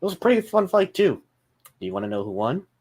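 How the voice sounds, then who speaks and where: A man chatting casually with a friend on a stream, relaxed and steering the talk back on topic. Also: on the high side, quick pace, slightly rough. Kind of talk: casual chat.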